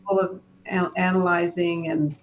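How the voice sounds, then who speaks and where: Calm and unhurried, a female interview guest recounts a personal story, frequently breaking off to begin her sentences again. The audio quality is dull and lo-fi, carrying a slight rumble underneath.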